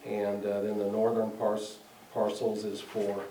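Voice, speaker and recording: Low, flat-voiced Southern city engineer. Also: male voice. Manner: halting, many fillers and self-corrections. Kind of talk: presenting a report at a public meeting. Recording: roomy, distant mic with faint noise.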